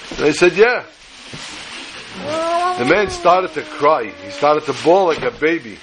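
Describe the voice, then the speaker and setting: Man, rabbi telling a story, lively, repetitive, Yiddish and Hebrew terms, somewhat high voice. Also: moderate pace, crowd noise, low-quality recording. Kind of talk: animated storytelling in a class.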